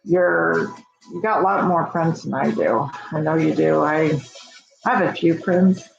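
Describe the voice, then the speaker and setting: A woman's voice: deep voice, a little slow, creaky. A woman in her fifties from Idaho, chatting and pleading straight to a talk show host in a self-made phone video. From Idaho, USA. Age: 50s. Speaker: fan making a video appeal. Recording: echoey, dull home phone video with music.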